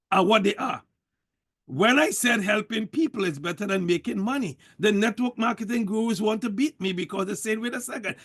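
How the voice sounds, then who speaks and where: A man's voice: sits high, gravelly, a bit bright. A man giving a motivational network marketing talk, preachy and emphatic, repeating his points over and over.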